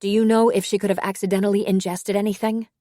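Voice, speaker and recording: A woman voicing a female emergency dispatcher who asks questions in a steady, methodical way. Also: mid-range voice, fast, no room sound, clean studio sound, lightly acted.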